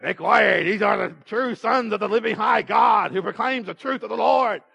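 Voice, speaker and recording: A man doing a shrill demon-possessed slave girl. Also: normal speed, gravelly, sharp tone, husky, in a large hall, lo-fi sound, heavily acted. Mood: proclaiming.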